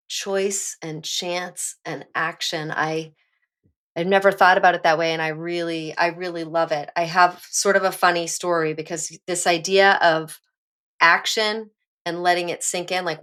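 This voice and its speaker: A woman co-hosting a podcast, telling a personal story in a candid, animated way and swearing now and then. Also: lowish voice. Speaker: podcast co-host. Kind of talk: casual chat, personal storytelling.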